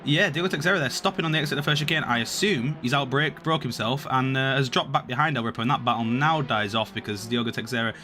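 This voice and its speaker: A man commentating a sim race, calling positions and getting excited at incidents. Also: mid-range voice, faint music behind. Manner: excitable, calls positions quickly.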